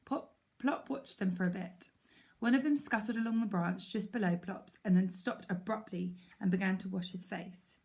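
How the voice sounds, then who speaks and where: A woman teacher reads a children's storybook aloud, clear and even, in a storytelling manner. Her mid-pitched voice carries a gravelly, creaky edge. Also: moderate pace.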